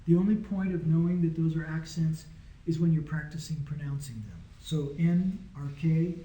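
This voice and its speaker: A man whose voice sits on the high side, warm and steady, talks at normal speed in an echoey room. He teaches a small Greek class informally, with a casual, patient style and frequent checks that students understand.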